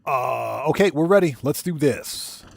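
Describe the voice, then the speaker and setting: A man's voice: a little high, lively intonation, a little slow, gravelly. A man hosting a solo game livestream, casually reading and answering chat with frequent chuckles, speaking. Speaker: livestream gamer host.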